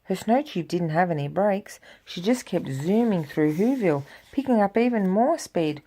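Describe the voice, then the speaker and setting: A woman reading a children's storybook aloud to a child, with lively, expressive delivery and spoken sound effects. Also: fairly low pitch, moderate pace.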